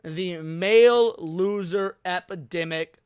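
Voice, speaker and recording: A man's voice: high voice, takes it slowly, clean tone, no echo, clean studio sound. A man hosting a live reaction stream, ranting heatedly with lots of swearing. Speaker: livestream host.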